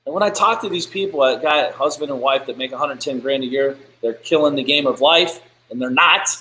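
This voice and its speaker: A man's voice: mid-range voice, a little fast, pushed and bright, slight background noise. A man hosting a live business show, giving a blunt, profane, fired-up motivational rant. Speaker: business podcast host. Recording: echoey room.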